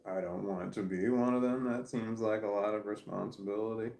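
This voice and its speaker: This man's fairly low, steady voice is creaky and a little mellow, moving slightly fast. Vlogging from a room at home with a puppy on his lap, he talks candidly to camera, wandering from thought to thought in a self-deprecating way. The recording has a roomy echo.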